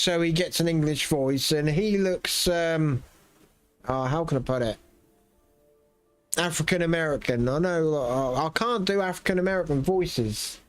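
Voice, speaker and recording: A man casually commenting on his gameplay, rambling and swearing freely. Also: on the high side. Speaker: gameplay streamer.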